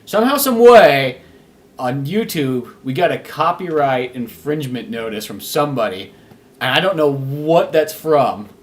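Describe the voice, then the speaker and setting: A young man co-hosting a podcast in casual comedic chat, talking fast and swearing freely. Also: medium pitch, lively intonation. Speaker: podcast co-host.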